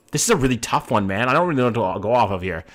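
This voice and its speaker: A man streams a game live, talking it through in a loose, casual way and answering his chat as he goes. His voice sits at an ordinary middle pitch, and he drops the odd swear word. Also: animated, fast talker, fairly bright tone. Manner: casual, thinks aloud, greets chat, swears.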